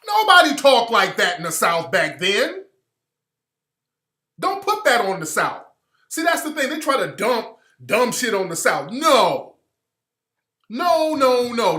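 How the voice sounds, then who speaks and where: A man from the American South delivers an insistent commentary, his pitch swinging widely as he drives each point. His voice is bright and forceful, and it rings with a roomy echo. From Alabama, US South. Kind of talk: opinionated monologue.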